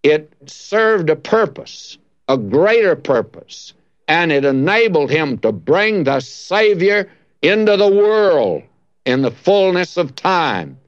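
A man preaching a sermon, reading verses slowly and leaning on key words. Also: a little high, big pitch swings, no echo. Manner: slow, deliberate, stresses key words. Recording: dull lo-fi dry recording.

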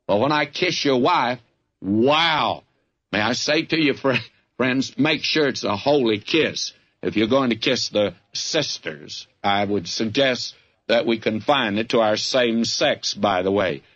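A man's voice: fairly low pitch, unhurried, a bit bright, dull audio. An older man with a Southern US accent, preaching a folksy, fervent radio sermon that keeps calling the listener "friend". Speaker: radio Bible teacher.

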